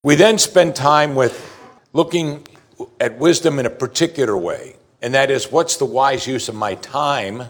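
A man preaching a sermon from the pulpit. He swings between loud, stressed declarations and quiet, confiding asides. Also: mid-range voice, measured pace. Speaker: pastor.

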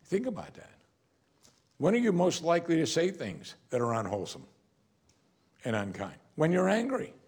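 Husky animated male preacher. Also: fairly high pitch, moderate pace, long pauses. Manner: animated, questions the congregation directly. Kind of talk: sermon.

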